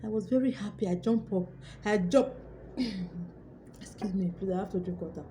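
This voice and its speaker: Young woman youtuber chatting to her viewers, mid-pitched, gets excitable, faint hiss behind. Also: normal speed. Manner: excitable storyteller, acts out her own shouts. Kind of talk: casual vlog talk to viewers.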